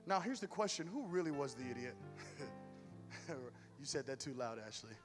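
A man's voice: mid-range voice, big pitch swings, normal speed, big-room sound, loud music behind the voice. A man preaching a sermon with humor, telling stories animatedly to his church. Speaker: pastor. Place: church hall with music.

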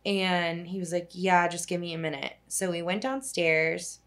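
A young woman who works as a social worker rambles through a long personal story in casual chat. Her voice is on the low side, at normal speed and fairly bright, and she leans heavily on "like" and swears now and then.

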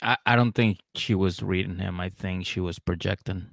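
Low gravelly-voiced man, dry sound. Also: steady tone, moderate pace, fairly bright tone, no echo. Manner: laid-back, short reactions, laughs often. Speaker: podcast co-host. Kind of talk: casual chat.

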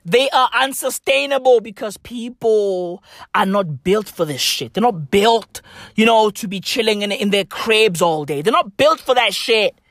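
Slow, slangy woman ranting comedically. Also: mid-range voice, expressive, no echo, clean studio sound. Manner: slangy, profane, heavy on "bro" and "bruv"; wildly swinging delivery, from shouts down to whispers. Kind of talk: comedic rant monologue.

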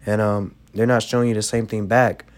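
A man's voice: lowish voice, little pitch movement, a little fast. A young man who is sick and coughing, hosting a podcast and giving casual life advice in a rambling way, full of "you know" fillers. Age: young adult. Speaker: podcast host.

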